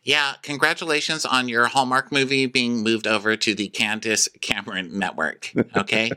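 A man's voice: mid-range voice, steady tone, moderate pace, sharp tone, clean tone, no echo. A man co-hosting a comedic reality TV recap podcast, teasing in a playful, campy way. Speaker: podcast co-host.

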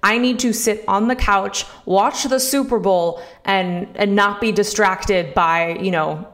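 A woman's voice: mid-range voice, unhurried, a bit bright. A woman co-hosting a sports talk show, chatty and enthusiastic, with plenty of fillers and teasing. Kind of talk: casual chat.

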